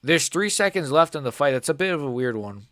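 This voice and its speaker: Excitable young man reacting to fights live. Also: on the high side, a little fast, no echo. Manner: excitable, swears a lot, says "bro" often; swings between shouted outrage and quiet muttering. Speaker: MMA reaction streamer.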